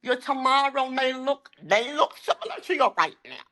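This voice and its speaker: A woman in her forties, a life coach, talking openly and with deep faith, emphatic and heartfelt, at times holding back tears. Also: animated, moderate pace, sharp tone. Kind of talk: candid faith-filled interview talk.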